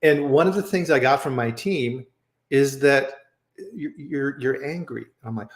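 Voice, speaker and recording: A talkative host chats casually on a live stream over a video call, telling stories animatedly and repeating "right?" His voice is medium-pitched and unhurried, with a roomy echo in the recording.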